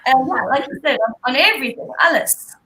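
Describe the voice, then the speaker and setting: Relaxed female guest artist, high and bright, easygoing. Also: fast, rough recording. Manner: relaxed, stumbles over words. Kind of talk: casual chat.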